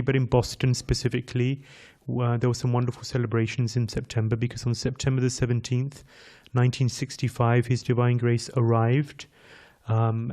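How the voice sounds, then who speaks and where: Visiting English preacher, male, mid-pitched, easygoing sermon that draws in the crowd with questions. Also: darkish tone. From England. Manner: chatty, addresses the audience directly with questions. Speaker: visiting speaker at a temple class. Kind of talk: conversational sermon.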